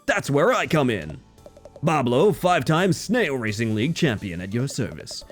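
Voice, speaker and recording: A man's voice: medium pitch, big pitch swings, normal speed, faint music behind, natural voice. A man voicing a cocky male racing snail champion in a game, with a strained, boastful hype-man patter. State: voice strained from the put-on.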